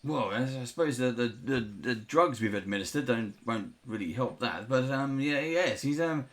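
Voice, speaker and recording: A fussy male asylum doctor, as a game master puts him on, trips over his own words, repeating and restarting as he dodges hard questions. His voice sits at an ordinary middle pitch. He talks like a nervous man protecting his patients in a tabletop game. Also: expressive, normal speed, a bit bright, lightly acted. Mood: flustered. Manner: stammering, defensive, fussy. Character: evasive, flustered male sanatorium doctor.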